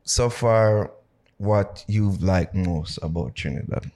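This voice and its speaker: A man's voice: low voice, slow pace, mellow. A young adult man, co-hosting a podcast in easygoing casual chat. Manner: easygoing, laughs often. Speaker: podcast co-host.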